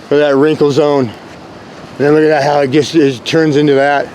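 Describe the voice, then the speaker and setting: A man's voice: on the high side, level tone, moderate pace, darkish tone, slight background noise. A man narrating as he films outdoors on a rocky shore, rambling and exclaiming, breaking into whoops now and then. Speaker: vlogger exploring rock formations. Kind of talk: excited narration while filming outdoors.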